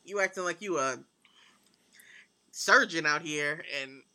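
Bright, quip-ready woman co-host. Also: deep voice, unhurried. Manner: short reactions and dry quips. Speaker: podcast co-host. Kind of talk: casual chat.

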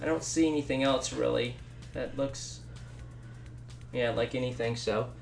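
A man's voice: medium pitch, measured pace, gravelly, soft background music. Casual middle-aged male gaming podcast host. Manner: relaxed, rambling, upbeat when signing off. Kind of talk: casual family gaming chat.

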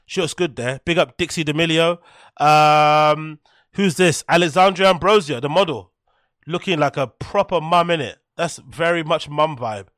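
A man's voice: on the high side, moderate pace, a bit bright, no echo, studio quality. A man with a British accent rambling through a casual solo podcast, mocking and swearing freely as he talks. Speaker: podcast host.

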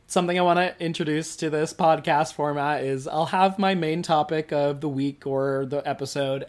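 In a solo podcast, an early-twenties host talks casually and drifts off topic, giggling a lot and dropping self-conscious asides. Their middle-pitched voice stays chatty and rambling as they laugh often and talk to themselves.

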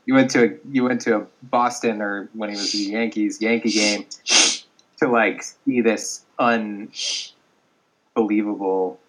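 Measured man reading out stats. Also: fairly low pitch, fairly even intonation. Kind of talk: casual sports chat.

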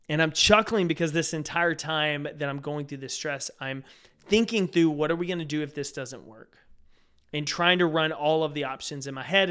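A man's voice: fairly high pitch, bright, forceful tone, smooth. A man, hosting a solo podcast and telling a personal story in an earnest, conversational way. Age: 40s. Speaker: podcast host and speaker.

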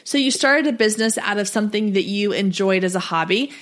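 A woman's voice: medium pitch, fairly quick. A woman in her thirties hosting a solo podcast, coaching small business owners in a chatty, direct and encouraging way.

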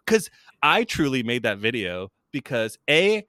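A man's voice: a little high, unhurried, clean tone, no room sound, studio quality. A young man from New York, a comedic video creator, chatting as a guest in an interview, full of fillers and laughter. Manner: chatty and animated, many "like" fillers and restarts, laughs often. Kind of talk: casual interview chat.

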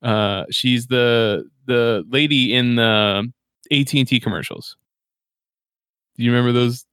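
A man co-hosting a casual podcast chat, easygoing and quick to laugh. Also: mid-range voice, fairly even intonation, fairly bright tone, clear, resonant tone, no room sound, clean studio sound. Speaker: podcast co-host.

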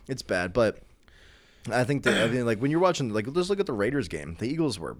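A man's voice: mid-range voice, sing-song, fairly quick, no room sound. A young man co-hosting a podcast in casual chat, rambling with many restarts and fillers. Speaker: podcast co-host.

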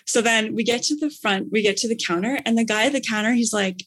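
Brief: woman, casual storyteller, husky, excitable, gushes and acts out quotes. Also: on the high side, fast talker, hardly any pauses. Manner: bubbly, gushing, acts out quotes with big excited outbursts.

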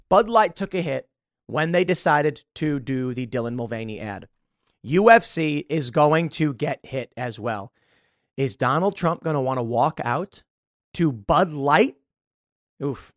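A man with a slightly high voice hosts a political podcast, giving sarcastic, mocking commentary in an animated monologue peppered with derisive asides. The recording is dry, with clean studio sound.

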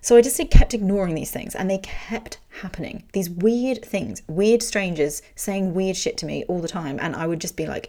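A woman's voice: fairly low pitch, normal speed, hardly any pauses, dark tone. A young adult woman candidly telling an emotional personal story, speaking frankly and swearing freely.

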